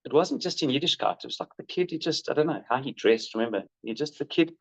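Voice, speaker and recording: A man's voice: fairly high pitch, expressive, fast. A middle-aged man, telling stories about his son in a candid way and livening up when he quotes people. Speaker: father recounting his son. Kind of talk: conversational storytelling. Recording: muffled lo-fi recording.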